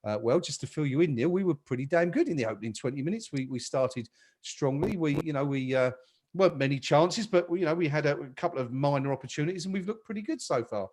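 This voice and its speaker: A man's voice: on the high side, expressive, fast, darkish tone. A man hosting a live football chat stream, upbeat and reading out viewer comments. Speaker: podcast host.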